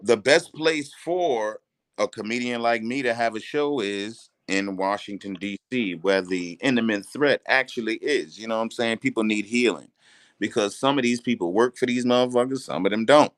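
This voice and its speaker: A man, a stand-up comedian, chatting as a guest with animated, profane storytelling and frequent restarts. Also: fairly low pitch, moderate pace, dry recording. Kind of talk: casual interview chat.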